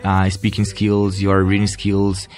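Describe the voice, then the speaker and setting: A man's voice: deep voice, completely flat delivery, a little slow. A young Brazilian man, a native Portuguese speaker, talking with a Brazilian accent in a casual solo podcast from home, hesitant and full of fillers. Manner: hesitant, many fillers and restarts, laughs softly. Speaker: podcast host, English learner.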